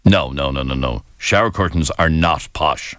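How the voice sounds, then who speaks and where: An Irish man hosting a phone-in radio talk show, jokey and animated as he reads out listener messages. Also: extremely low pitch, moderate pace, dry recording, studio quality. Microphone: studio microphone.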